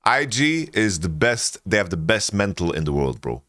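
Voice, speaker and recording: A man streaming a live esports watch-along, commenting excitably and breaking into loud exasperated rants. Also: lowish voice, moderate pace, no room sound, clean studio sound. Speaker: streamer co-casting a match.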